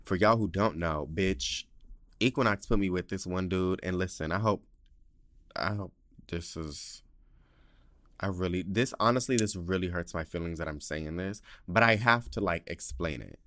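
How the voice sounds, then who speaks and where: A man hosting a casual solo podcast, telling stories in a sassy, profane way, with big jumps in pitch and loudness. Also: moderate pace, no room sound. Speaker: podcast host. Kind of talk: casual monologue.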